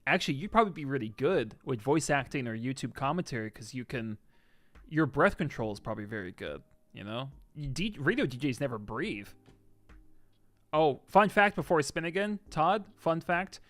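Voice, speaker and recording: A man on a live stream goes through what his viewers wrote, mixing excited outbursts with softer comments in a relaxed, chatty way. His pitch is medium, his speed normal, and the audio has no room sound.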